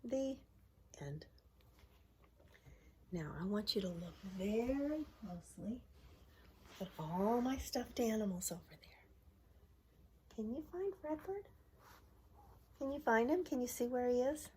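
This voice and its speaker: Animated and husky, a slightly high voice belongs to a middle-aged preschool owner reading a picture book aloud for children's story time at a measured pace with long pauses. She shows the pages, points at pictures, poses questions to her young listeners, and uses a bright, exaggerated voice for cheering.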